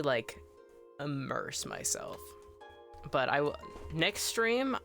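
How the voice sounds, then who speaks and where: Game streamer, excitable chatter, mid pitch, faint music underneath. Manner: excitable and chatty, gushing, trails off and restarts. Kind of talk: casual live gameplay commentary.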